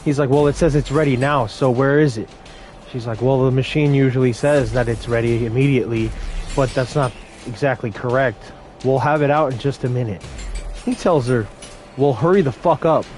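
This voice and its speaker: A young man tells work stories in a brash, animated way, his voice sitting at a middle pitch. He acts out the confrontations as he tells them. Faint music plays under his voice. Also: brisk. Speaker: fast food worker. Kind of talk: casual storytelling vlog.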